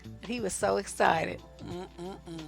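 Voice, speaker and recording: A middle-aged woman from Oakland, a relationship coach and host, giving blunt, animated advice to her viewers and laughing often. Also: fairly low pitch, takes it slowly, gravelly, music in the background. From Oakland, California. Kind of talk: casual advice talk to viewers.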